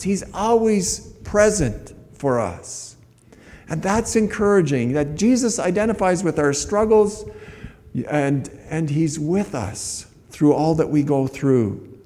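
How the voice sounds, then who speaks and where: A man's voice: high-pitched, mellow, in a large hall. A man preaching a sermon as a pastor, earnest and conversational, often restarting his phrases.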